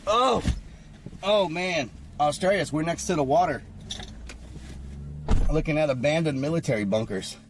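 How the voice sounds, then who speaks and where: A man's voice: fairly high pitch, animated, measured pace, long pauses, background noise. A man streaming live outdoors near water, chatting casually with his viewers.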